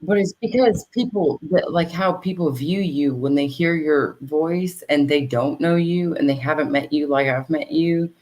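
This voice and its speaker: A woman's voice: sits low, normal speed, few pauses, darkish tone, low-quality recording. Rambling, profane woman streamer. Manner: profane, rambling, laughs often. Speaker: livestream host. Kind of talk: casual livestream chat.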